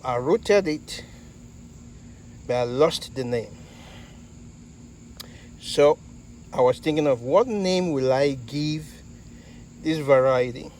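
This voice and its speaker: A man from Nigeria with a Nigerian accent, hosting a casual garden vlog in an unhurried, halting way. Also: medium pitch, darkish tone, a little hiss or hum, rough recording. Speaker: fig grower and channel host.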